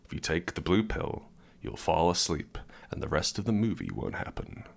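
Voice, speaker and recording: A man voicing an insecure, bragging male mentor in an improvised comedy movie parody, talking in a hushed murmur. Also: sits low, big pitch swings, moderate pace, creaky, full character voice.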